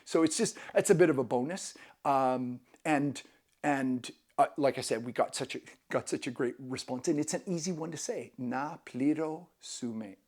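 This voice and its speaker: A man's voice: mid-range voice, moderate pace, darkish tone. A man hosting a travel vlog, giving casual travel tips in an enthusiastic, self-deprecating way.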